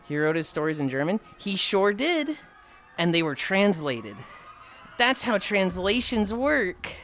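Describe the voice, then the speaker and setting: Tired live streamer on a treadmill, exasperated, sighs a lot, lively pitch. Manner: exasperated, sighing often, reading and answering chat; walking on a treadmill while talking. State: tired from a long walk. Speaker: livestreamer chatting with viewers. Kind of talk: casual live-stream chat.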